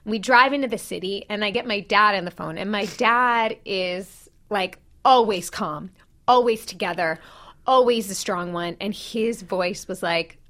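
A woman in her thirties, a podcast co-host, candidly retelling a painful personal story with animated quoted dialogue. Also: medium pitch, a little slow. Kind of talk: personal storytelling in casual chat.

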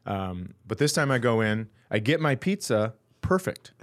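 A man's voice: mid-range voice, big pitch swings, normal speed. A man hosting a podcast, telling a comic story in a profane, indignant way. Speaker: podcast host. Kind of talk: comedic storytelling chat.

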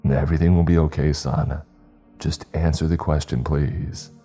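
A man's voice: rumbling low, flat delivery, normal speed, dark tone, faint music behind. A man voicing a stern, worried middle-aged father who speaks in firm, clipped lines that turn pleading.

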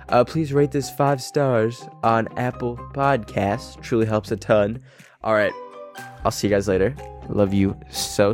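A young man hosting a podcast on his own, chatting casually and rambling with lots of filler words and self-mocking asides. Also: medium pitch. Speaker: podcast host. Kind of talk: casual solo chat.

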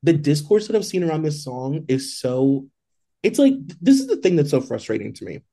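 A man co-hosting a podcast in casual chat, talking in an exasperated, animated way and swearing freely. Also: fairly high pitch, moderate pace, creaky. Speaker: podcast co-host.

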